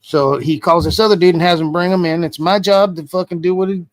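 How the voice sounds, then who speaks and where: A man's voice: sits high, brisk, no echo. Foul-mouthed man telling a story. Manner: profane, animated retelling with heavy swearing. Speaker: interview guest. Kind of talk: casual storytelling interview.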